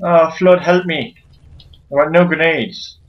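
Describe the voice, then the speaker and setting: A man giving let's play commentary while he plays a shooter, swearing constantly and shouting at enemies in frustration. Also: fairly high pitch, unhurried, muffled recording. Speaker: gamer playing through a shooter.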